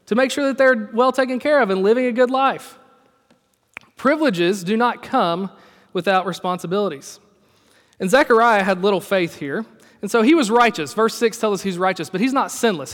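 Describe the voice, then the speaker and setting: A man's voice: sits high, fairly bright tone, long reverb tail. A male pastor preaching a sermon in a conversational storytelling way. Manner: conversational, storytelling with acted quotes.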